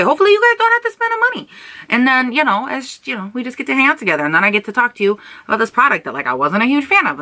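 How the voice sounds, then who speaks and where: A young woman chats to her camera about makeup in a relaxed, animated way, full of playful asides. Her voice has a bright, forward tone. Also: medium pitch. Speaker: beauty vlogger. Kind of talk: casual chat to camera.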